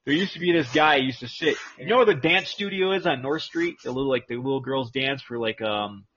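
A man's voice: mid-range voice, fairly quick, fairly bright tone, breathy edge. A man co-hosting a podcast, telling crude stories bluntly with a lot of swearing. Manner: blunt, profane storyteller. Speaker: podcast co-host. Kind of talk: crude casual chat. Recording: dull lo-fi sound with crowd noise.

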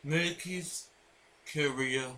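A man hosts a podcast and calls the matches of an online wrestling show at an unhurried pace. He sounds deeply moved, stumbling through restarts and repeated words. A faint hum sits under his voice. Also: pushed and bright. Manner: deeply moved, emotional delivery. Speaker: podcast host and commentator.

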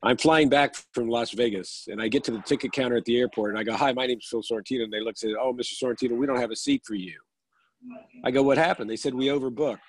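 A man's voice: medium pitch, fast, poor audio. A man, a professional speaker, telling a story on a group call with dry punchlines. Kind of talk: storytelling anecdote. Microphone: phone or video call.

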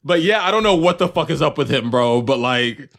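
A young man co-hosting a podcast in casual chat, animated and profane, acting out his own reactions as he talks. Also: a little high, brisk, vocal fry. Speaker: podcast co-host.

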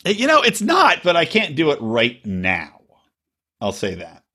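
A man co-hosting a podcast in casual chat, profane and quick to laugh. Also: fairly high pitch, husky. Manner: profane, animated, laughing storyteller. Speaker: podcast co-host.

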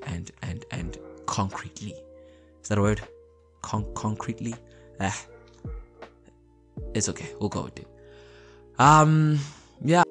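Low-voiced man, casual motivational talk. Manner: conversational, repeats words, checks in with listeners. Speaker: podcast host.

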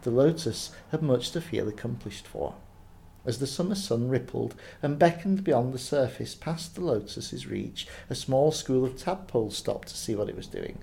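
Chatty guy hosting a podcast, friendly, lots of ums, bit of fry. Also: medium pitch, moderate pace, mellow. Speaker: podcast host. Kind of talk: podcast chat and storytelling.

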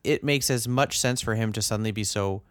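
A man's voice: fairly low pitch, a little fast, no echo, studio quality. A young man co-hosting a podcast, reviewing a TV show with incredulous jokes. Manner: animated, incredulous joking. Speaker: podcast co-host. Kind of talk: casual chat reviewing a TV show.

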